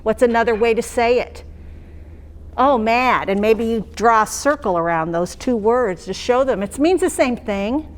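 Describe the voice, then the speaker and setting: A woman's voice: on the high side, normal speed. A woman explaining to teachers how she would mark phonics skills in a lesson, in a conversational way that checks in with the listeners. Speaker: teacher trainer. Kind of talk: explaining classroom phonics practice.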